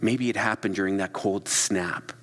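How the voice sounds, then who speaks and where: A middle-aged man preaches a sermon with a husky, slightly low voice. He tells stories in an animated way and often drops into hushed, whispered asides. His voice rings with the long reverb of a large hall. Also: normal speed. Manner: animated storytelling, acting out quiet whispered asides.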